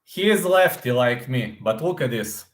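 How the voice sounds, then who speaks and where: A man hosting an MMA news reaction, talking casually and excitedly, repeating himself as he acts out fight moves. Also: medium pitch, normal speed, roomy sound.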